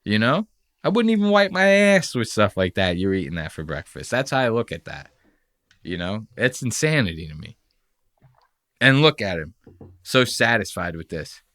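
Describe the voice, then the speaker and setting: A man's voice: lowish voice, sing-song, moderate pace, fairly bright tone, no echo, clean studio sound. A man hosting a podcast, ranting in a casual, profane and mocking way. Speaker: podcast host. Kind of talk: casual comedic podcast rant.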